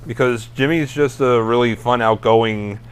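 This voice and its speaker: A man on a casual chat show, giving thoughtful, measured answers. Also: mid-range voice, smooth.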